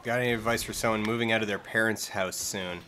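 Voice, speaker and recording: A man's voice: on the low side, steady tone, fast talker, background noise. A man hosting a live stream, reading chat questions in a hesitant way and repeating himself.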